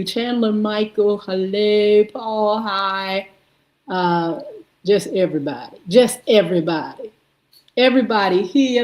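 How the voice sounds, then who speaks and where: A woman hosting a live morning stream, slowly reading out and greeting viewers by name, sounding out names as she goes. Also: on the high side, poor audio. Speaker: host. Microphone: streaming setup.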